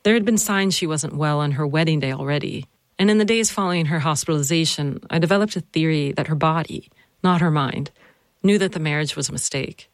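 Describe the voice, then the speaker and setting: A narrator and host telling a personal family story, then questioning their mother, earnest and slowing down to stress points. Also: medium pitch, no room sound, clean studio sound. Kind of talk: reflective personal narration and interview.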